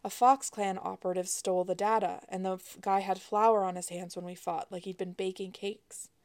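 A woman's voice: mid-range voice, steady tone, normal speed, darkish tone, natural voice. Woman doing an outlaw uncle, short and urgent.

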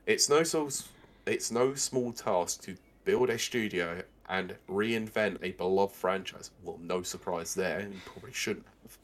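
A man's voice: low-pitched, measured pace. A young man co-hosting a casual gaming news podcast, reading out stories and answering them with sarcastic remarks. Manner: sarcastic, reads news quotes and riffs on them. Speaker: podcast co-host.

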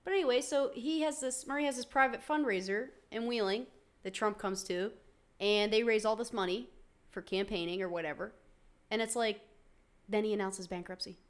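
A woman's voice: medium pitch, moderate pace. A young woman from West Virginia in casual political chat, blunt and profane, ranting with heat. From West Virginia, USA.

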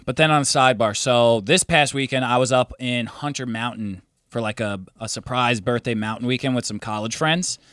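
Bright-voiced young guy on a podcast. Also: mid-range voice, smooth, no echo, clean studio sound. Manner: laid-back storyteller, swears, says dude a lot. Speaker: podcast co-host. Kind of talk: casual chat.

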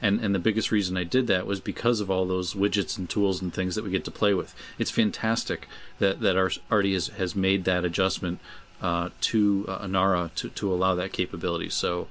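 A man co-hosting a casual podcast, talking in a halting way with many restarts. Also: low-pitched, steady tone, a bit bright. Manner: halting, full of restarts and fillers. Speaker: podcast co-host.

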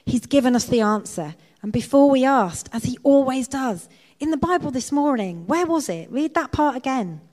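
A woman reading aloud as a devout young woman prisoner, bright, eager and calmly thankful. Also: medium pitch, a little slow, few pauses, natural voice. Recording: long church reverb.

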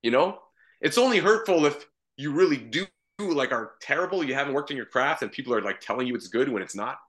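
A man's voice: medium pitch, expressive, fairly quick, fairly bright tone. A man from Canada, a comedian and voice actor, talking easily as a podcast guest with many restarts. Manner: easygoing, rambling, with frequent restarts. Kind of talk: casual interview chat.

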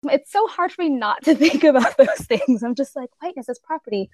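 A woman's voice: high-pitched, lively intonation, normal speed, noisy background. A woman in a casual film discussion, talking animatedly, laughing often and filling with "like".

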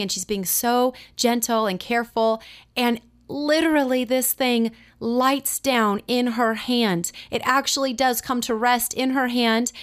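A middle-aged woman teaching a Bible lesson, telling a personal story in a lively, confiding way. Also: sits high. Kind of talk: sermon storytelling.

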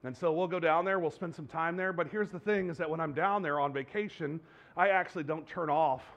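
In a muffled, lo-fi recording missing its top end, a man with a fairly high, fairly bright voice preaches a conversational sermon a little fast. He asks rhetorical questions, fumbles and restarts his words, and jokes at his own slips.

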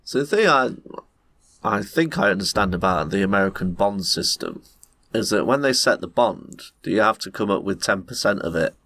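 Lively, sweary podcast host. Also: male voice, moderate pace, dry recording. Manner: animated, swears a lot, acts out other people with shrieking high voices. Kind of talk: casual storytelling chat.

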